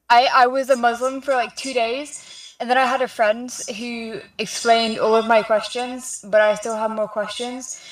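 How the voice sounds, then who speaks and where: A woman calls in to a live stream and talks hesitantly as she searches for words. Her voice is fairly high, heard from a distance, in a roomy, echoey space. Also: a bit bright. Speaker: caller. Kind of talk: casual call-in question.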